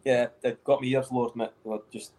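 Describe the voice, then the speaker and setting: A man's voice: medium pitch, flat delivery, brisk, darkish tone, rough recording. A middle-aged Scottish man with a Scottish accent, a former footballer chatting on a podcast in a joking, laid-back way. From Scotland. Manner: joking, laid-back, uses Scots words. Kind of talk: casual podcast banter.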